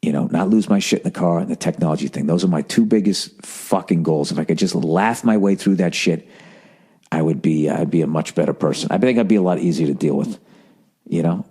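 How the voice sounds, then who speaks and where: A man's voice: sits low, a little fast, dark tone, husky. A man in his forties from the United States, a podcast host and comedian, rambling in a profane, self-mocking monologue. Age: 40s.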